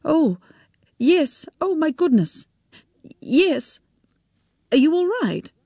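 A woman's voice: sing-song, takes it slowly, warm tone, no echo, clean studio sound, heavily acted. A woman voicing a distraught middle-aged woman who stammers and trembles as she speaks. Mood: flustered. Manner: stammering, breathless, high and shaky.

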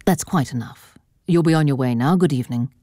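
A woman voicing a big, stern older gentleman who speaks curtly and dismissively. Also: very deep voice, a little fast, no room sound, clean studio sound. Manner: curt and dismissive. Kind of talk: audiobook character voice.

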